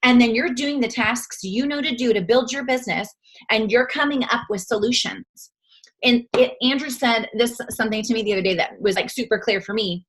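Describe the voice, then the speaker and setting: A woman's voice: a little high, brisk, slight background noise. A woman in her thirties giving a motivational talk to her team as its leader. She coaches earnestly and acts out the voices she quotes.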